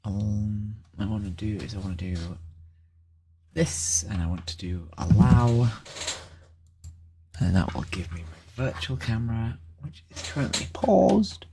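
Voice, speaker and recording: With a low voice at a moderate pace and heavy background noise, a vlogger thinks aloud while setting things up on a computer, rambling and hesitant, trailing off with many ums.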